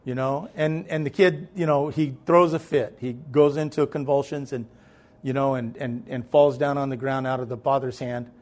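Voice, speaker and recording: A man's voice: mid-range voice, steady tone, moderate pace, darkish tone. A man preaching a sermon in a loose, conversational way, with many fillers and swells of emphasis.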